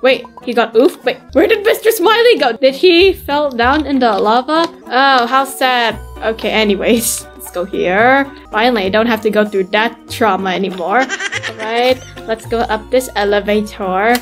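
A woman with a high, bright voice gives gameplay commentary. She is excitable and squeals and laughs often, with faint music playing behind her. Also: normal speed. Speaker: gamer.

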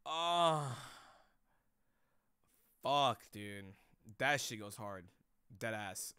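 A man's voice: mid-range voice, lively intonation, very slow, bright, forceful tone, clean tone, dry recording, clean studio sound. A young man streaming live, chatting loosely with chat in rambling, profane slang.

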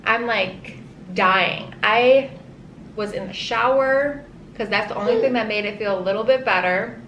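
A woman casually telling her own birth story in an animated, dramatic way, leaning on "like" a lot. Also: mid-range voice, unhurried, muffled recording. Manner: animated, dramatic, says "like" often. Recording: roomy echo with faint ambient hiss.

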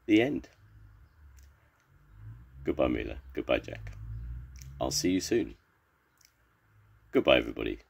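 An older man reading a children's storybook aloud in a slow, expressive way. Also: gravelly, slightly rough. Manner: slow and expressive, with lots of pitch swings.

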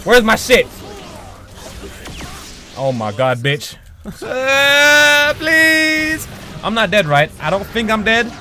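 A young man commentating his own online match with excitable, profane trash talk. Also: high-pitched, a little slow, pauses often, faint music behind. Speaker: gaming channel host. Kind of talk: live gameplay commentary.

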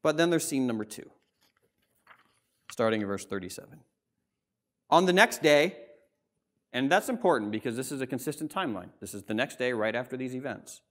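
A pastor preaching a sermon in a church, reading scripture and explaining it in a conversational way with frequent asides. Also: male voice, mid-range voice, expressive, fairly quick, long pauses, a bit bright. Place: church sanctuary.

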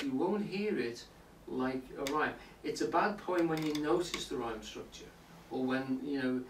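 A man giving a public talk on poetry to a live audience, explaining step by step and often checking in with the listeners. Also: on the high side. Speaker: lecturer. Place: indoor room with a live audience. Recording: roomy, distant, faint hiss.

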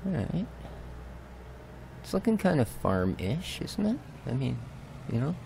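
A middle-aged Canadian man with a Canadian accent, chatting casually and joking at himself as he plays a farming game, now and then dropping to soft mutters. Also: medium pitch, sing-song, measured pace, creaky, a little hiss or hum. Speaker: gaming video host. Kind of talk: casual let's-play commentary.

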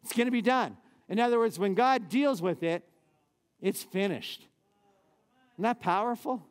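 A man, a pastor, preaching a lively sermon in a church with casual, conversational asides. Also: high voice, measured pace.

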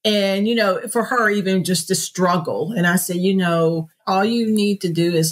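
Middle-aged woman guest, low voice, chatty storyteller with frequent laughs. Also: fairly even intonation, normal speed, hardly any pauses. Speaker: podcast guest. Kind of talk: conversational interview.

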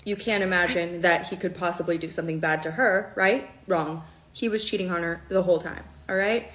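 A woman's voice: lowish voice, fairly even intonation, brisk, a bit bright. A woman recounting a personal story in a conversational way, often checking in with "okay?".

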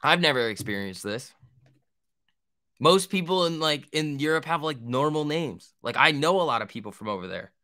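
Bright-voiced young man, profane and joking. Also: fairly high pitch, expressive, normal speed. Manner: profane, joking, rambling, slangy. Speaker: stock trading livestream host. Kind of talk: casual livestream chat, answering viewer questions.

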